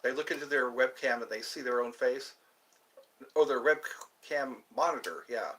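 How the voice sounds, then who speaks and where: A man hosting a solo livestream, talking slowly and rambling, drifting into low murmured chanting. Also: fairly bright tone, far from the mic, rough recording. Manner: slow, drawn-out musing with low murmured chanting. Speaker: livestream host.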